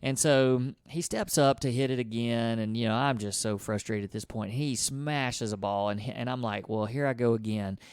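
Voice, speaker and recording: A man spins a story in relaxed podcast conversation. His voice is smooth and full, at an everyday middle pitch. The recording is dry and close, and he acts out his own thoughts as he talks. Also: moderate pace, few pauses, no echo. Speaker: podcast co-host.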